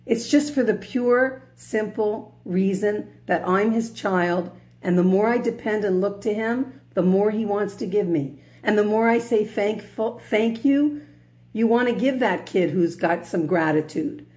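A woman teaching a religious class in a medium-pitched, conversational voice. She breaks in with humorous asides and often checks in with her listeners. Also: a little slow, few pauses, a little mellow. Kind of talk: religious lecture.

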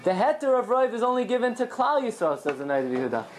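A woman teaching a lively Talmudic lesson, acting out quoted voices and asking and answering her own questions. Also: fairly high pitch, fast talker. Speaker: Torah teacher.

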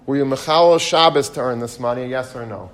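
A man voicing a calm, firm, pious immigrant rabbi in a retold story. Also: mid-range voice, brisk, lightly acted.

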